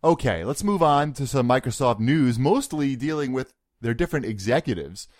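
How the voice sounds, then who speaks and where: A young man co-hosting a casual podcast chat, relaxed and joking, laughing often. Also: medium pitch, normal speed, dry recording, clean studio sound. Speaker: podcast co-host.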